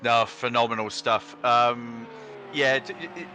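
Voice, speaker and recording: Slow, bright-toned co-commentator man. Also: mid-range voice, steady tone, slight background noise. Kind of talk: live sim racing commentary.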